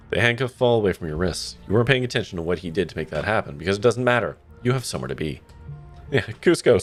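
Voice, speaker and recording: A man's voice: medium pitch, very animated, fairly quick, soft background music. A man streaming a story game, reading the narration aloud and reacting with wry asides and swearing. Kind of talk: live let's-play commentary, reading the game text aloud.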